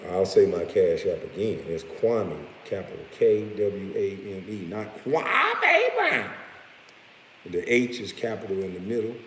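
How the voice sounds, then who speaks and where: A very low-voiced man holds forth in a blunt, profane rant, breaking off now and then to chuckle at his own lines. His voice carries a long room reverb, with a faint hiss underneath. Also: warm tone. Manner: blunt and profane, with laughing asides. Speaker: vlogger. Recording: roomy echo with faint hiss.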